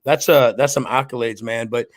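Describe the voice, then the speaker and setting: A man's voice: medium pitch, fairly even intonation, normal speed. Friendly, chatty male podcast host. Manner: friendly, says dude and man a lot. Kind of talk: casual podcast interview.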